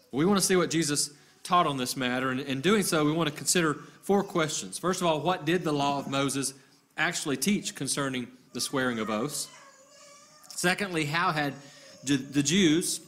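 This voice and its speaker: A man with a somewhat high voice preaches a sermon. His teaching is measured and methodical, and he reads scripture passages aloud. Now and then he stops to restart a phrase. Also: fairly bright tone. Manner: occasional hesitant restarts.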